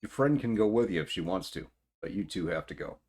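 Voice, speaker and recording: A man with a fairly low voice runs a tabletop game as its game master. He stumbles and repeats words as he thinks. Now and then he growls out lines as gruff club bouncers. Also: expressive, a little fast, darkish tone.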